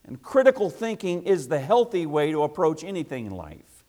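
A man preaching a sermon to a congregation, emphatic and repetitive, swinging between loud passages and hushed asides. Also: on the high side, sing-song, normal speed.

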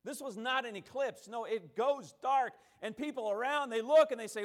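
A man's voice: extremely high pitch, moderate pace. A man preaching a sermon, emphatic, stacking repeated phrases and acting out the quotes he tells.

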